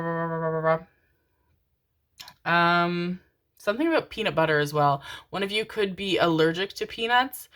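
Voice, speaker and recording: A woman's voice: low voice, fairly bright tone. A woman giving a channeled tarot reading, calling listeners "my darlings," swearing casually and murmuring repeated syllables while she tunes in. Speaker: tarot reader.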